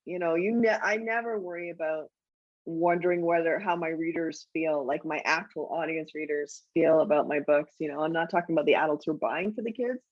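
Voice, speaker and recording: A woman and guest author in a casual interview chat, telling stories in an animated way and laughing often. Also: lowish voice, dry recording, lo-fi sound. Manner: animated, laughing anecdotal storytelling.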